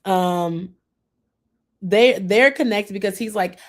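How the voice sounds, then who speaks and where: A woman's voice: medium pitch, moderate pace, a little mellow. A woman hosting a casual TV recap chat, chatty and opinionated, often acting out what people on the show said. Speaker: host.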